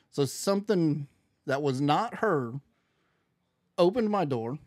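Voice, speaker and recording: Animated man telling a story. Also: a little high, moderate pace, dry recording, studio quality. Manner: animated storyteller, acts out quoted dialogue. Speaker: podcast guest. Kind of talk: casual storytelling chat.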